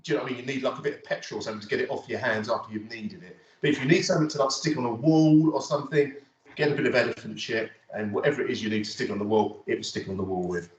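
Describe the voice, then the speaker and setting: Give me a chatty photography lecturer, recorded from across an echoey studio. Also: male voice, medium pitch, fairly even intonation, very fast. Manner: chatty and rambling, many fillers. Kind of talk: casual studio demonstration to students. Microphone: phone camera from across the room. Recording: roomy, distant, dull audio with faint noise.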